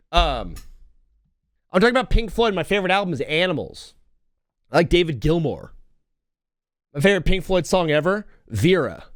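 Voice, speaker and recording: A young man hosting a live radio talk show, his pitch leaping up and down as he rants. He sounds excitable and self-mocking and hops from topic to topic. The sound is close and dry, with no room echo. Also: normal speed, long pauses.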